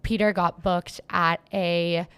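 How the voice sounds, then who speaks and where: A woman's voice: on the low side, takes it slowly, clean tone, dry recording. A young woman who organizes events and manages DJs, chatting in an interview and peppering her talk with "like.". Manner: chatty, lots of "like" fillers, excitable. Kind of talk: casual interview chat. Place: Miami.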